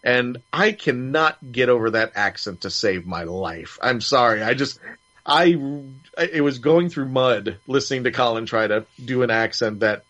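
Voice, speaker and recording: A man hosts a casual review discussion, rambling and restarting his sentences as he goes. He sits at a middling pitch, and the audio is slightly muffled and lo-fi. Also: lively intonation, normal speed, a bit bright. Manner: rambling, many restarts and fillers. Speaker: podcast host.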